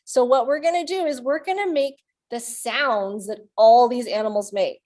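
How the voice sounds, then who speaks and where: A woman's voice: fairly high pitch, normal speed, a little mellow. A woman leading a children's storytime, reading aloud and playfully making animal sounds with the kids. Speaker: children's librarian.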